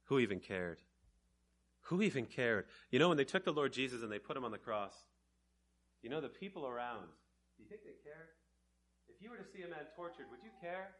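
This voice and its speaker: Man, preacher, evangelical sermon, bright forceful tone, mid pitch, slow quiet lines and loud emphatic bursts. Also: very animated.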